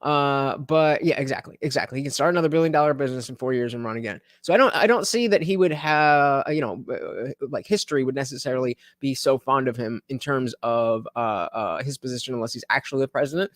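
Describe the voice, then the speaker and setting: A man's voice: mid-range voice, fast, few pauses, dry recording, studio quality. A man hosting a casual political livestream, thinking aloud with many fillers and restarts as he reads chat comments. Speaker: livestream host.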